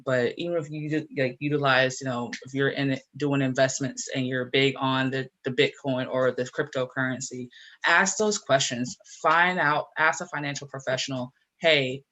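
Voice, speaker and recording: A man co-hosting a casual talk show, animated and repetitive as he urges listeners to act. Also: mid-range voice, normal speed. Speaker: podcast co-host. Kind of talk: casual chat.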